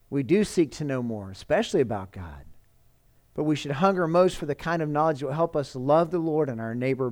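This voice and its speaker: A man preaching a sermon as pastor, earnest and pleading, lifting and dropping his voice for emphasis. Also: fairly high pitch.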